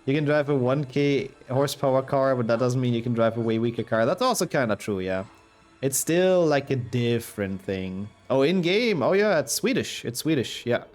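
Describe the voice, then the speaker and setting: A man's voice: medium pitch, animated, normal speed. Young man, sick voice, casual stream chatter, reading chat mid-run, faint game music behind. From Germany. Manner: chatty, reads and answers chat while playing. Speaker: speedrunner streamer.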